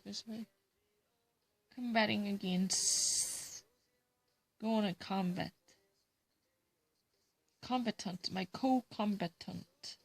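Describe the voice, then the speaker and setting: A woman's voice: medium pitch, takes it slowly, long pauses, breathy edge. A woman with a Korean accent, Korean as her first language, reading English vocabulary words and definitions aloud and explaining them in casual solo study.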